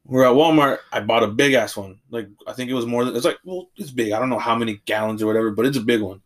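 A young man co-hosting a podcast, telling a story in animated casual chat and swearing freely. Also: mid-range voice, fast talker, few pauses. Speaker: podcast co-host.

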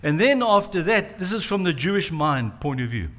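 Male preacher, mid-high voice, dramatic storyteller. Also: very animated, normal speed, a bit bright. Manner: dramatic storytelling, acts out quotes. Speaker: pastor. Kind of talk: sermon.

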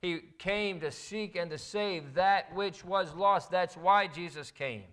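A man's voice: high-pitched, slow, a bit bright. Impassioned middle-aged male preacher. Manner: impassioned, building to fervent emphasis. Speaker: pastor. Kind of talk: sermon.

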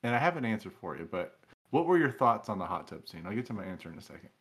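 A young man chatting casually as a podcast co-host, telling stories in a rambling, animated way. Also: fairly low pitch, quick pace, breathy edge. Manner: rambling, animated storytelling with laughs. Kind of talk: casual reality-show recap chat.

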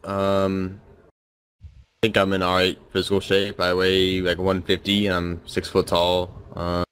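A man's voice: low voice, completely flat delivery, a little slow, fairly bright tone, clean tone. A man in a casual group chat, speaking hesitantly and unsure of himself.

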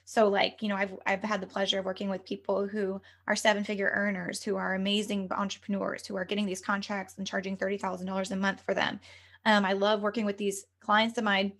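A woman's voice: medium pitch, little pitch movement, brisk, fairly bright tone. A woman speaking as a guest medium and spiritual coach on a podcast, talking earnestly and chattily, full of "like" and "you know". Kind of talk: conversational podcast interview.

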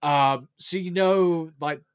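A man co-hosting a casual podcast chat, rambling and animated, laughing often. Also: on the high side, takes it slowly, smooth. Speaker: podcast co-host.

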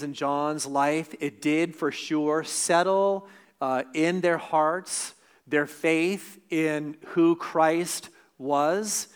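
A man's voice: fairly high pitch, clear, resonant tone. A man preaching an evening sermon in an earnest, conversational way, with asides and restarts. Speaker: pastor.

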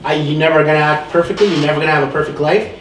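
High-voiced man in his thirties, reflective. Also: fairly even intonation, racing, a bit bright, slight background noise. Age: 30s. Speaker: podcast co-host. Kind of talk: casual chat. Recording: roomy sound, mic at a distance.

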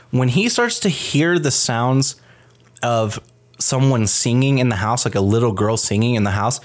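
A man hosting a podcast, retelling a film scene in casual chat, animated and profane. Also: medium pitch. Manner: animated, profane storytelling with many fillers. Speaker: podcast host reviewing a film.

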